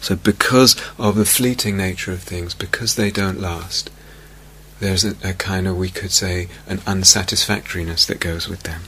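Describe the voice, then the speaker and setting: Male meditation teacher, deep voice with some fry, reflective dharma talk, faint hum on the recording. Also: steady tone. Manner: slow, reflective, repeats phrases softly. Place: retreat meditation hall.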